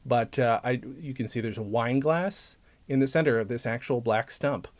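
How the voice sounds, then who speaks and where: A man's voice: mid-range voice, normal speed. A man in his thirties talking casually to camera as a vlogger, rambling and joking, often breaking off mid-sentence. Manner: rambling, self-interrupting, joking. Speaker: vlogger and podcaster.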